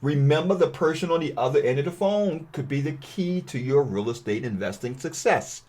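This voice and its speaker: A man's voice: on the high side, animated, moderate pace, darkish tone. Man teaching cold-calling scripts. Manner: conversational, demonstrates phone scripts aloud. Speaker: real estate investing trainer. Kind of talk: training video walkthrough.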